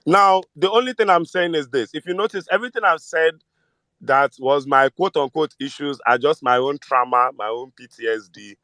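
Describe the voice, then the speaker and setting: A Nigerian man with a Nigerian accent talking politics in casual, animated chat, switching between Pidgin and English. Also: on the high side, moderate pace, dry recording. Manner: animated, mixes Pidgin with English, mimics voices. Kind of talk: casual political chat in a live audio space.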